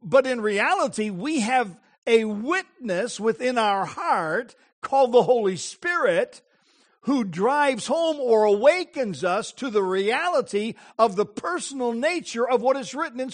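A male preacher giving an impassioned sermon, with emphatic phrasing and dramatic pauses. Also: extremely high pitch, expressive.

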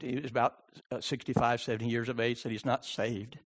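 A man preaching a sermon, swinging from shouted pleading to hushed storytelling. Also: mid-range voice, flat delivery, fairly quick, hardly any pauses. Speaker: pastor.

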